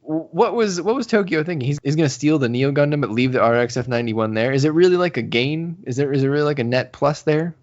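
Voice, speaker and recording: A man co-hosting a podcast in casual chat, recapping a story with animated retellings and quotes. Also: on the high side, fast, few pauses, dull audio. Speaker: podcast co-host.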